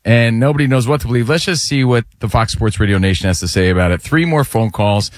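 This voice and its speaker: A man's voice: mid-range voice, no room sound. Jokey sports radio man, dry studio mic. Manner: quick, jokey and playful. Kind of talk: live sports radio banter. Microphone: studio microphone.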